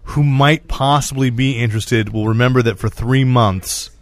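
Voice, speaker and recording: A man's voice: medium pitch, steady tone, moderate pace, no room sound. A man hosting a casual comics podcast, rambling with restarts and laughing often. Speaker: podcast host. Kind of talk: casual chat.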